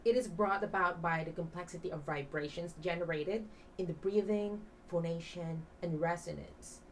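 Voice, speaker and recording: Female teacher, low-pitched, patient classroom explainer with fillers; faint background noise. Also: moderate pace, distant mic, low-quality recording. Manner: explains with many fillers, has class repeat words; breathy half-whisper when demonstrating. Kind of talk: demo teaching lesson.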